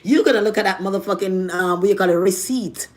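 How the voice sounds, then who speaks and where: A woman with a Jamaican accent telling a personal story in casual vlog style, animated and blunt, with plenty of profanity and jumps between loud and soft. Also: mid-range voice, fast. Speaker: vlogger.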